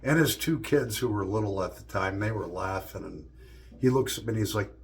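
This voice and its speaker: A man's voice: on the low side, brisk, gravelly. Joking, profane middle-aged man telling stories. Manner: loose, profane, joking delivery. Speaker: vlogger. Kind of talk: casual storytelling monologue.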